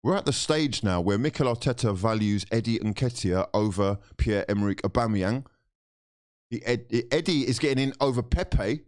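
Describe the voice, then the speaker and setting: A young man who runs a football fan vlog rants angrily and profanely about his team, sounding thoroughly fed up. At a moderate pace and with lots of animation, his pitch rises into shouts of disbelief, then drops to bitter, low muttering.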